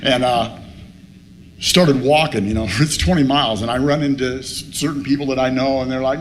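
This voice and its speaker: A man's voice: mid-range voice, steady tone, normal speed. Man, 50s, recovery-meeting speaker; salty, self-mocking storyteller on a stage mic, faint room hum behind. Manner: profane, joking storyteller who laughs at himself. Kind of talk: personal story told to a meeting. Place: meeting room with a live audience. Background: faint room noise and audience laughter.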